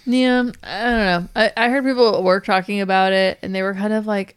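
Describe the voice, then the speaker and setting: A woman's voice: mid-range voice, fairly even intonation, brisk, hardly any pauses, clear, resonant tone. Wry, opinionated woman in casual chat. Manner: wry and opinionated, self-mocking. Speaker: podcast co-host.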